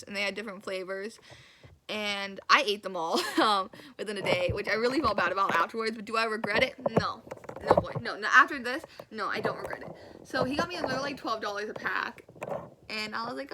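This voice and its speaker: A woman's voice: medium pitch, noisy background. A young woman telling a personal story in a casual vlog, acting out the quotes and laughing often. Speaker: storyteller vlogger.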